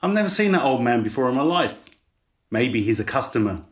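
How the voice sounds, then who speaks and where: Cocky young vet, voiced by a man, brisk, boastful, storybook reading. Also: mid-range voice, very animated, close to an everyday voice.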